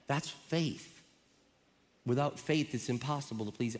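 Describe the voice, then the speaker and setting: A man preaching a sermon as a pastor, telling stories with lively quoted voices. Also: medium pitch. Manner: animated storytelling, acting out quoted voices. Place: church auditorium. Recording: reverberant church hall.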